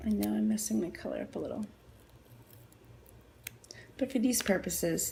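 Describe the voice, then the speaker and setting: A woman's voice: mid-range voice, fairly even intonation, brisk, creaky, long pauses, mellow, a little hiss or hum. A woman talking through a nail art tutorial in a chatty, apologetic way, thinking aloud as she works. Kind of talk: casual tutorial narration.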